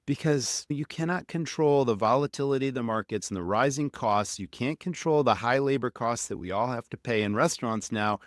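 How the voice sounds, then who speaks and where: A man's voice: mid-range voice, a little fast, hardly any pauses, no room sound, clean studio sound. A man hosting a restaurant podcast, asking earnest, emphatic questions. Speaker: podcast host. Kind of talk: interview podcast.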